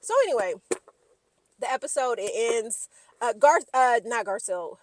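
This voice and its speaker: A woman's voice: a little high, lively intonation, normal speed, darkish tone, dry recording. A woman giving a casual, slangy recap of reality TV gossip, acting out the quotes in shifting voices.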